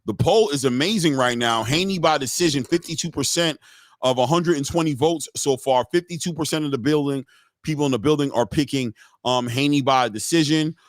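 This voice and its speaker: A man's voice: a little high, fairly quick, no room sound, studio quality. A man hosting a live boxing stream, giving casual, slangy fight commentary and talking straight to his viewers.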